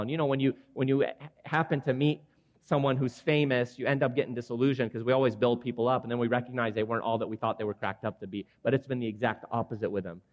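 A man in his forties preaching an earnest sermon to men, rising at times to loud, emphatic passages. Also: medium pitch. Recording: dull sound with long hall reverb.

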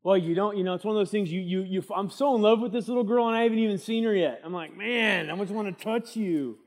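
A middle-aged man teaching a midweek church Bible study, preaching in a lively way and drawing amens from the room. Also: sits high, quick pace. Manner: lively preaching with call-and-response asides. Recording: long church hall reverb.

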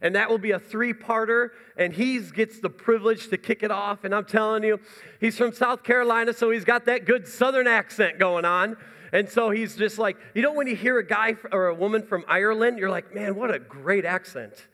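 A young man speaks as a pastor from the front of a church, running through announcements with eager, rambling energy. His voice sits high for a man, and it carries a long reverb from the large hall. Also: moderate pace, bright, forceful tone. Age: young adult. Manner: enthusiastic, chatty and rambling with restarts. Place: church sanctuary.

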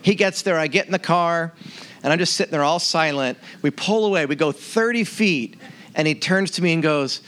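Male pastor, 30s, sermon delivery with animated storytelling, a touch high in pitch. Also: moderate pace. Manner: animated storyteller, acts out his own quoted lines.

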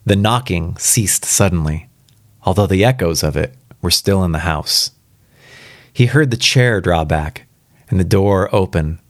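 A man's voice: low-pitched, measured pace, dry recording, studio quality. A man reading a spooky story aloud for the first time, casual and reacting aloud between passages. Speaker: reader.

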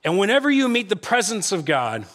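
A male pastor preaching a lively sermon to a church congregation, acting out quotes with animated shifts in voice. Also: high-pitched, a little fast. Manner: animated, acts out God's voice and quotes.

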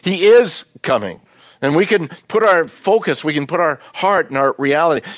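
A pastor preaching a sermon, in a folksy, conversational way with asides to the congregation. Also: male voice, medium pitch, a bit bright, dry recording, studio quality.

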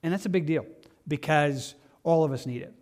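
A man's voice: a little high, brisk, a little mellow. A man teaching a Bible study as a pastor, talking in a conversational way with frequent restarts.

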